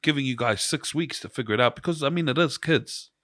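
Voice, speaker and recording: A man's voice: medium pitch, quick pace, no room sound. Laid-back New Zealand man, dry close mic. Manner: relaxed, storytelling, laughs often. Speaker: podcast co-host. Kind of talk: casual chat.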